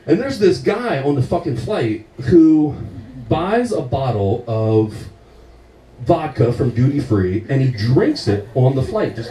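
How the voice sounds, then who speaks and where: An American man in young adulthood doing a stand-up set, telling animated stories with lots of swearing and laughter. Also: a little high, unhurried, reverberant, far from the mic, poor audio. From United States. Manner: animated storytelling, swears a lot, laughs often. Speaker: stand-up comedian.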